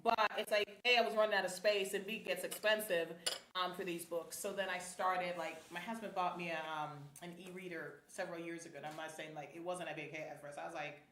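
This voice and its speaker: A middle-aged woman hosting a casual interview, animated and laughing often. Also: fast, slight background noise. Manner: animated, laughs often, jumps into high-pitched exclamations. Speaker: podcast host. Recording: echoey room.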